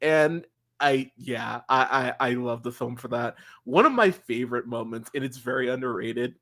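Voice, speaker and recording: A man co-hosting a movie podcast, chatting casually and rambling excitedly through film scenes with lots of fillers and laughter. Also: mid-range voice, normal speed. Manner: rambling, animated, laughs a lot, many "like" fillers. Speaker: podcast co-host. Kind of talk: casual film review chat.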